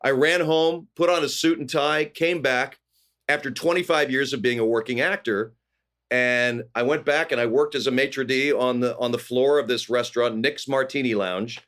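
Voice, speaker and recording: A middle-aged man from California, a guest actor telling lively anecdotes in an interview and acting out the people he quotes. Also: medium pitch, moderate pace. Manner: animated anecdotes with voiced quotes. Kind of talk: storytelling interview.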